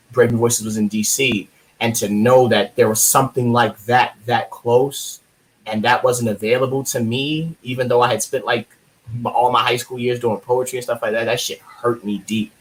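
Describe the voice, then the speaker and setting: A man in his thirties from Baltimore with an American accent, a guest poet telling stories in a casual interview, lively and profane, acting out other people's voices. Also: mid-range voice, rough recording. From Baltimore, USA. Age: 30s.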